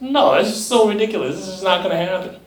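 Young male preacher, high voice, echoey room. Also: animated, quick pace. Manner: conversational, asks the crowd "right?" often, mimics voices. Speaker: youth pastor. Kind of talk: sermon. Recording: echoey room, mic at a distance.

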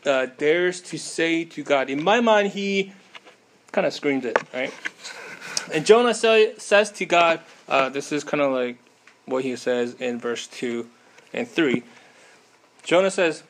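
A man's voice: fairly high pitch, a little slow. A man preaching a casual sermon in a conversational way, with many fillers and frequent tag questions.

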